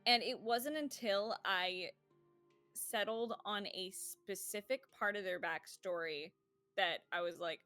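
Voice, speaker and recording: A woman's voice: mid-range voice, slow, pushed and bright, faint music behind. A woman player of a tabletop game chatting casually about her character's voice, with many fillers and laughs.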